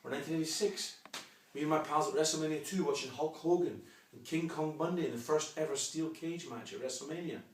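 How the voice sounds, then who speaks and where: A Scottish wrestling promoter in his forties delivers a combative, mocking, boastful promo rant. His voice is on the high side and fairly quick, recorded far from the mic in an echoey room.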